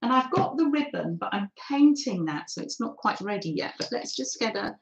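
Her voice sits a little high, with lively intonation and a moderate pace, against slight background noise. She's a craft livestream host giving a live mixed-media art demo, chatting and musing as she paints while reading out and thanking viewers' comments.

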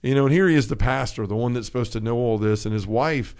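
A man retells a film scene on a casual faith podcast. He slips into the characters' lines as he goes, his pitch rising and falling freely, at an easy pace. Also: quick pace, smooth. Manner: animated storyteller, acts out quotes. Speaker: podcast co-host.

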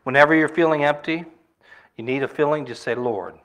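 A man's voice: fairly high pitch, quick pace, a bit bright, smooth. A middle-aged male pastor preaching a sermon in a conversational, storytelling way, full of rhetorical questions to the congregation.

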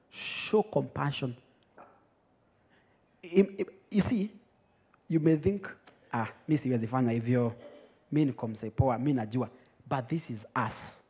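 A young Kenyan man preaching a teaching sermon, lively and teasing, laughing often with his congregation. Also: a little high, slightly rough. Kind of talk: teaching sermon, mixing English and Swahili.

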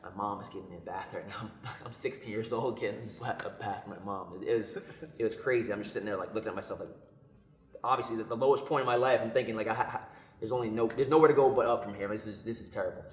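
Young guy rattling off a story quick, lowish voice, roomy echo. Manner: animated, acts out quoted voices. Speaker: podcast co-host. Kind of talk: casual storytelling. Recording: echoey room.

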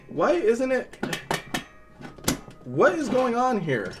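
Jumpy, high-voiced man unboxing a toy. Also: huge pitch swings, takes it slowly, long pauses, over music. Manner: exasperated, jumpy, laughing. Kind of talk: casual unboxing commentary.

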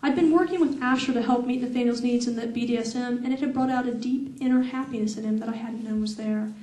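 Lady reading her book out loud at an event, kinda high voice, echoey room. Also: quick pace, far from the mic. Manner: steady reading with laughing asides to the audience. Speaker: author reading her novel.

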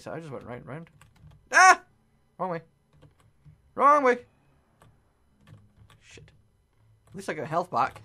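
A young man commentating on a horror game, excitable, swearing constantly and yelping at scares. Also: sits high. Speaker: gaming video creator.

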